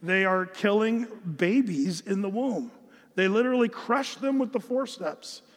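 A man's voice: high voice, measured pace, big-room sound. A man from the United States preaching an earnest, emphatic Bible-teaching sermon, often restarting his phrases. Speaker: pastor.

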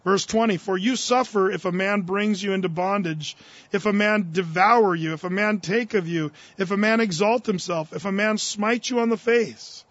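A pastor delivers an expository sermon, reading scripture aloud and then paraphrasing it in casual, fervent speech that rises in force on key verses. His high-pitched, fairly bright voice moves at a moderate pace on a muffled recording with no echo.

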